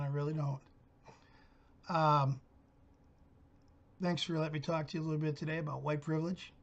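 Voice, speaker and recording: A middle-aged man hosting his own channel, telling a story in a blunt, profane rant. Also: on the high side. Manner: blunt, gruff, cursing storyteller. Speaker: channel host.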